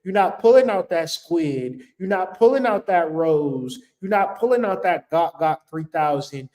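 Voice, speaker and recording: A man's voice: a little high, animated, a little slow, a little mellow. Blunt, profane man giving spiritual advice. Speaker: spiritual vlogger. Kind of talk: casual spiritual advice talk.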